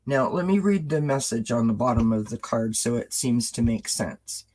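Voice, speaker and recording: A man's voice: medium pitch, expressive, moderate pace, darkish tone, rough recording. A man giving a live-streamed tarot reading, reassuring his viewers and greeting the chat by name. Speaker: tarot reader.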